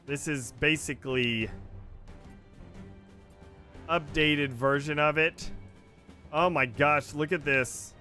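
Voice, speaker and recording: Bright, rambling gaming streamer man. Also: medium pitch. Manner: rambling, filler-heavy, chatting to viewers. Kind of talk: casual livestream commentary while playing. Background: faint game music.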